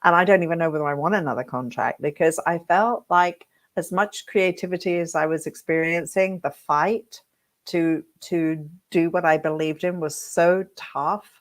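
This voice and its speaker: A British woman, a hairdressing coach, telling her career story straight to camera with lively check-ins to her viewers. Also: lowish voice, normal speed. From Britain. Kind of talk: reflective direct-to-camera talk.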